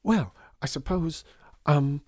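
A man voicing a fussy, thin, wiry male accountant who talks in a flustered, halting way. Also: on the high side, darkish tone, dry recording, studio quality, pitched above the performer's own voice.

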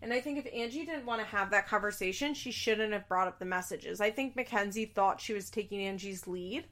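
A woman's voice: medium pitch, fairly quick, a bit bright. A young woman giving a casual, opinionated recap of a reality show, blunt and exasperated, swearing freely.

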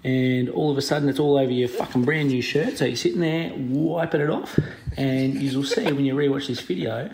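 A man's voice: mid-range voice, brisk, creaky, hardly any pauses, darkish tone, a little hiss or hum. Rambling Australian man leaving a sweary message. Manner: rambling, sweary, chatty storyteller. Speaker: caller.

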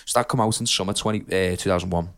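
A man's voice: low-pitched, steady tone, rapid-fire, vocal fry, a bit bright. A young man telling a rambling childhood story on a podcast, laughing often and using lots of fillers. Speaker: podcast co-host. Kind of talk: casual storytelling chat.

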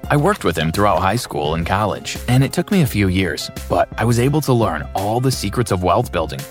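A man narrating his own story in an earnest, plain first-person voice for an animated story. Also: lowish voice, brisk, soft background music.

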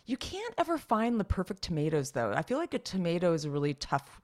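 Woman, low pitch, very expressive, casual chat, rambling fillers. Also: fast. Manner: animated, exclaiming, rambling with fillers.

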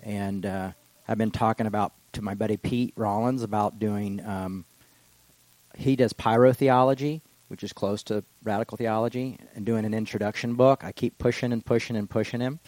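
A man preaching a casual, rambling sermon that slows for solemn readings. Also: fairly low pitch, fairly even intonation, a little mellow, dry recording, poor audio. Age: adult with children. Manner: casual and digressive, slows down for quotations. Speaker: pastor. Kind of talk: informal sermon.

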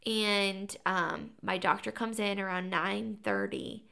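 A young woman on a podcast, chatting casually and telling a birth story with animated acted-out quotes. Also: mid-range voice, slow pace, vocal fry. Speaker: podcast co-host.

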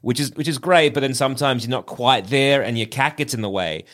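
A man's voice: mid-range voice, brisk, fairly bright tone. A man in casual conversation about a video game, rambling with many fillers and restarts. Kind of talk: casual gaming chat.

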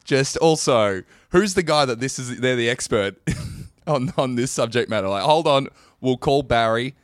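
A man, co-hosting a comedy podcast, playful and quick to laugh, talking over a video call. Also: mid-range voice, no room sound, studio quality. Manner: laughs a lot, playful, animated. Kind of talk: casual chat.

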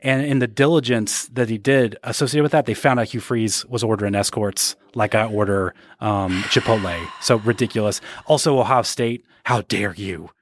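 A man's voice: mid-range voice, moderate pace, hardly any pauses. A man co-hosting a podcast, ranting sarcastically in casual chat. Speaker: podcast co-host. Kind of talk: casual pop-culture chat.

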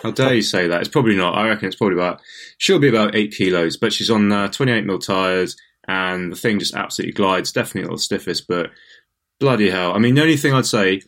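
A man's voice: sits low, fast, fairly bright tone. A man co-hosting a podcast in casual chat, playful, theatrical and self-mocking. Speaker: podcast co-host.

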